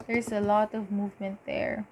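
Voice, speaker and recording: A woman giving a casual tarot reading, talking in halting bursts with lots of fillers and giddy laughter. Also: mid-range voice, little pitch movement, a little hiss or hum. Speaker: tarot reader.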